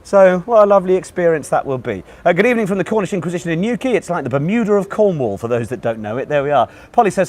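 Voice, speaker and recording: A man hosts a live quiz stream, out of breath and with a hoarse, worn-out voice. He sits a little high in pitch and chats loosely, greeting viewers by name and reading out their messages. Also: lively intonation, quick pace, darkish tone. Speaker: quiz host.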